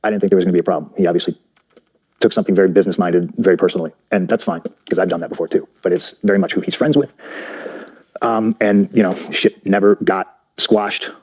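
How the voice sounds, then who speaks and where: A man with a low, dark, husky voice tells his side of a story in an interview. He races through it, blunt and profane, acting out the lines of everyone involved. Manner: blunt, profane, rapid storytelling with quoted dialogue. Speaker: interview guest, wrestler.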